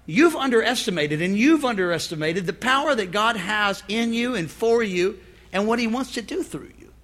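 A man preaching a lively sermon, calling for amens and acting out the voices of the people in his stories. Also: high voice, moderate pace. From United States. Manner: lively preaching, calls for amen, acts out voices. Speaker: pastor.

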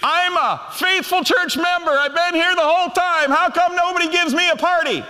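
A grown older brother, sulking and resentful, whines in a squeaky mocking voice, as a preacher puts him on. The sound rings through a large hall with a long reverb tail. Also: male voice, normal speed, sharp tone. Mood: whiny.

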